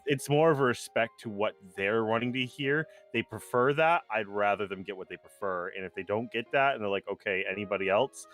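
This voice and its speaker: A man co-hosting a podcast who talks in an animated, casual way, laughs often and swears freely. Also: on the low side, fairly quick, hardly any pauses, soft background music. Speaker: podcast co-host. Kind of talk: casual chat.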